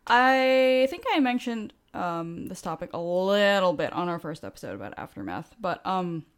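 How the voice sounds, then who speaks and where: A woman's voice: fairly low pitch, expressive, moderate pace, smooth. A woman co-hosting a podcast, chatting casually with lots of ums and easy laughter. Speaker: podcast co-host. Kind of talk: casual chat.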